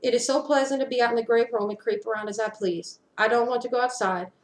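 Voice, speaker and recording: Woman reader, fairly high voice, intense dramatic story reading, webcam in an echoey room. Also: fast. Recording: roomy echo.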